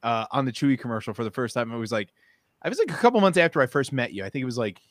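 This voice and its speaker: A woman's voice: rumbling low, animated, rapid-fire, dry recording. A woman hosting a casual interview, asking friendly questions with frequent restarts. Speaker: interview host.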